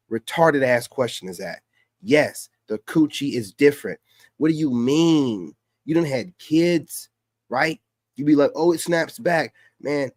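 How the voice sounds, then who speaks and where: A man's voice: mid-range voice, a little mellow, no room sound. A brash man reacting to a clip and mocking it, talking in a medium voice and repeating himself as he goes. The sound is dry and close, with no room around him. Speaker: reaction streamer. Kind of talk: casual commentary over a podcast clip.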